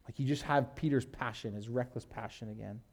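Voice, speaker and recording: A man pastor teaching a sermon in a relaxed, conversational way, reading scripture aloud and often saying "like". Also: mid-range voice, a little fast. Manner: casual, uses "like" and fillers, reads scripture aloud.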